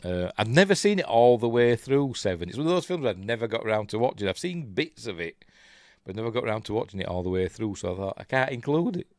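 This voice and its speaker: A man's voice: lowish voice, expressive, fast talker, few pauses, dry recording, studio quality. An older man from Yorkshire with a Yorkshire accent, hosting a rambling, chuckling casual live-stream chat and reading out viewer comments. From Yorkshire, England. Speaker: host.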